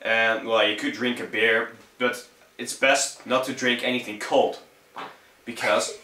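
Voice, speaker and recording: A man's voice: mid-range voice, steady tone, unhurried, sharp tone, a little hiss or hum. A young man with a Dutch accent, a native Dutch speaker giving a rambling, profane, laid-back vocal tutorial in English. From Netherlands. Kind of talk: casual how-to talk. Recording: echoey room, mic at a distance.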